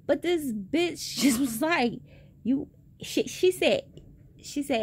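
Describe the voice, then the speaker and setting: A young woman telling a story in a casual vlog, animated and profane, with big jumps in pitch. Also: moderate pace. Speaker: vlogger.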